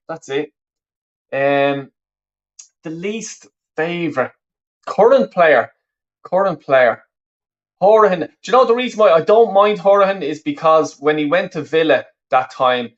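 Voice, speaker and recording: A man of medium pitch, recorded with dull audio, streams a live football watch-along. His accent is Dublin Irish, though his roots are in the west of Ireland, and he chats away, reading viewers' comments while the match plays. He rambles, swears a lot and often restarts what he's saying.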